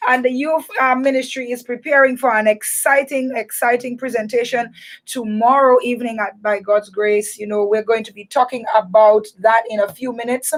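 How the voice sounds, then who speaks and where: A woman hosting a radio show for children, talking in a playful, animated way. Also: on the high side. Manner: animated, playful, laughing and teasing. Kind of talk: lively children's radio chat.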